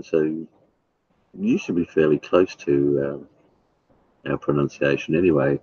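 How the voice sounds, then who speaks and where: Man, deep, casual chat to viewers, blunt, profane, many fillers, lo-fi muffled recording. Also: fairly even intonation, moderate pace, pauses often, breathy edge, dry recording. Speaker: live streamer chatting with viewers.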